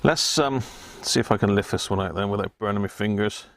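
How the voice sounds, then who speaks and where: A man's voice: fairly low pitch, brisk, gravelly, no echo, clean studio sound. A man hosting a casual live repair stream, chatting and muttering to himself while he works at his bench. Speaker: electronics repair hobbyist host.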